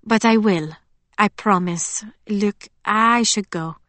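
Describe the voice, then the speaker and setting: A woman voicing a young heroine in an audiobook, in a plain, steady, lightly wry manner close to her own voice. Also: medium pitch, slow pace, no room sound. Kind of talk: audiobook character voice.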